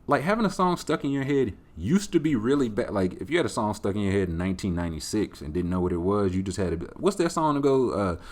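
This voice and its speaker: A man with a deep, low voice hosts a podcast and works through listener questions. He talks in a loose, rambling, joking way, full of slang and the odd swear word. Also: animated, quick pace, few pauses, darkish tone. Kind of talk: casual chat.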